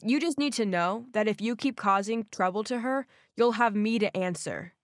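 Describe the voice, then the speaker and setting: A woman voicing a charming, protective teenage boy in an animated story, speaking calmly and teasingly. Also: medium pitch, moderate pace, no room sound, studio quality, lightly acted.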